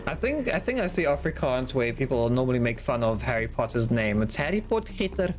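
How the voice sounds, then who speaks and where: A man's voice: mid-range voice, lively intonation, brisk. A man streaming a game, reading its dialogue aloud and rambling casually with jokes and swearing between lines. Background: game music.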